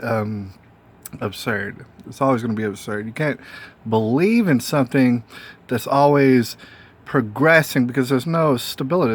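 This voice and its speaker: A man hosting his own show, talking in a loose, meandering monologue full of fillers and rhetorical "all right?" checks. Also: medium pitch. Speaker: host. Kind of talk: casual monologue.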